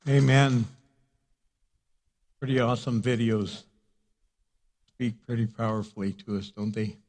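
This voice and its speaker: A man's voice: medium pitch, a little slow, darkish tone. Older male pastor, chatty storytelling. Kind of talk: sermon.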